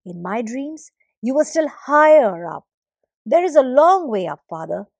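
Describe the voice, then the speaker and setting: Cast a woman playing an earnest young storybook son, gentle and pleading, with slow, lively delivery. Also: high-pitched, vocal fry, no echo, pitched above the performer's own voice, full character voice.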